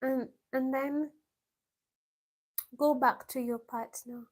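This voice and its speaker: Woman vlogger, unhurried casual live-stream Q&A, reads each question aloud and answers it. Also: high-pitched, steady tone. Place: village home.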